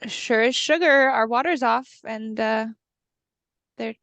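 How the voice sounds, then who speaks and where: A woman's voice: on the high side, slow pace, creaky, fairly bright tone, dry recording. A young woman co-hosting a podcast, chatting casually and laughing easily over a video call from her parents' house. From California. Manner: chatty and giggly, fond of filler words. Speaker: podcast co-host. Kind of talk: casual chat.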